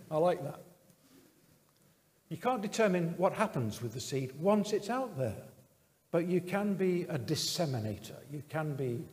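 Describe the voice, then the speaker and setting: Male preacher, fairly high voice, earnest and measured, reverberant church hall. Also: darkish tone. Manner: earnest, measured, with many pauses and fillers. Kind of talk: sermon.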